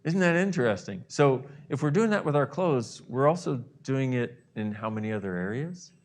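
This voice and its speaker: In a guided visualization, a man playing a self-help host walks listeners through an imagined morning, animatedly performing their inner reactions with gasps and exclamations. His voice sits mid-range at a moderate pace.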